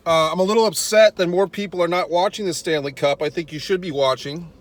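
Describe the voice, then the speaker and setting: Sitting in a car with food, this vlogger talks fast in a fairly high voice, ranting casually at his viewers. His talk is full of swearing and wry, meandering asides.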